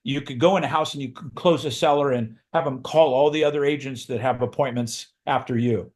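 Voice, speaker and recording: With a mid-range voice, fairly even intonation, and a brisk pace, a man working as a real estate recruiting coach delivers a motivational training talk. He speaks emphatically, hammering points home through repetition.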